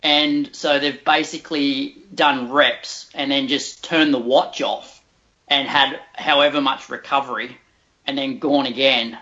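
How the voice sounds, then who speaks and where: A man explains things matter-of-factly on a casual podcast. His voice is bright and forceful. The sound is a little muffled and lo-fi. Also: mid-range voice, fairly even intonation, unhurried. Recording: dull lo-fi sound.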